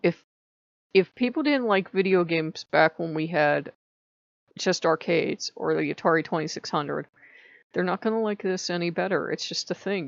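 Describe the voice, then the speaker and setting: A woman's voice: lowish voice, creaky, no echo. Woman vlogger, chatty, laughs a lot, muffled sound, dry room. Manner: animated, laughs often. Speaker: channel host. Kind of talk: casual vlog chat.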